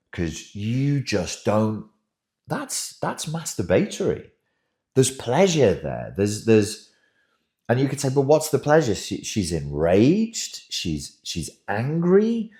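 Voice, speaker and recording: A man with a lowish voice that swings widely in pitch, delivering an emphatic, wry commentary monologue. He speaks slowly and deliberately and often doubles back on his words. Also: huge pitch swings, mellow. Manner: emphatic and wry, with frequent self-repeats. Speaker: host, relationship commentator.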